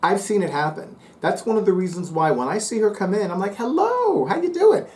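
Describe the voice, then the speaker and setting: A man talking casually to his viewers, chatty and playful with lively asides. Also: high voice, fast talker, slight background noise. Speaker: psychic reader and YouTuber. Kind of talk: casual monologue to camera.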